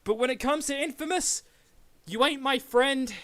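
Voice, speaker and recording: A man's voice: very high voice, normal speed, bright, forceful tone. A man in character as a wrestling champion, talking trash in a brash, boastful way. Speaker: wrestler persona in a press conference roleplay.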